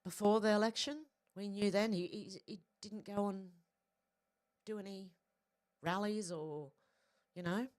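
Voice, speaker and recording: A woman's voice: mid-range voice, steady tone, a little slow, pauses often, a little mellow. An Australian woman reading out social media posts and commenting on them in a casual, blunt, profane way, with frequent asides. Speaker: political commentary vlogger.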